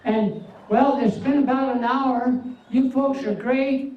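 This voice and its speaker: An older man with an unusually high voice doing a stand-up comedy set, delivering deadpan one-liners with pauses before each punchline. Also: lo-fi sound. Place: veterans' hall event room. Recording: echoey hall, mic far off, faint hum.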